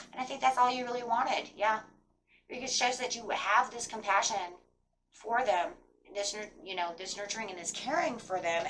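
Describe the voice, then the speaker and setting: A woman's voice: mid-range voice, brisk, fairly bright tone, distant mic, a little hiss or hum, poor audio. A woman giving a casual tarot reading, rambling and full of fillers like "kind of" and "like". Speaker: tarot reader.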